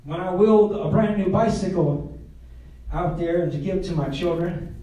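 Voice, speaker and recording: An older man preaching a sermon to his congregation, alternating fervent shouting with quieter, chuckling asides. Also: high-pitched, normal speed. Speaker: pastor. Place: church sanctuary. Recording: echoey church, heard from a distance, congregation audible. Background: congregation calling out responses.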